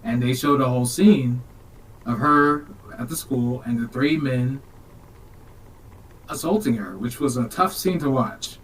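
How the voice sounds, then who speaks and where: A man's voice: medium pitch, measured pace, fairly bright tone, distant mic, low-quality recording. A man co-hosting a podcast, recapping a film in a rambling, jokey, casual way. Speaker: podcast co-host.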